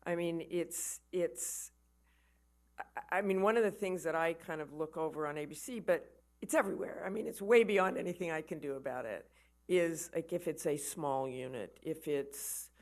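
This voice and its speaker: A woman giving a conversational lecture to an army audience, telling stories with animated emphasis and often repeating words as she starts a thought. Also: low-pitched, moderate pace. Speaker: guest lecturer, war correspondent. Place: lecture event for an army association.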